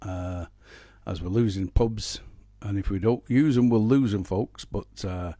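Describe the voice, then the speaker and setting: In studio-quality audio with no room sound, a middle-aged man from around Manchester chats between songs on a live home stream. His lowish voice is mellow and a little slow, his Northern English accent clear, and he rambles bluntly with humor, many fillers and restarts, a singer-songwriter telling stories.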